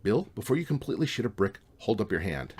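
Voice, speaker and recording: A man's voice: lowish voice, sing-song, quick pace, darkish tone, husky. Storybook sidekick, young man, eager and reckless, read by a man. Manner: upbeat, impulsive.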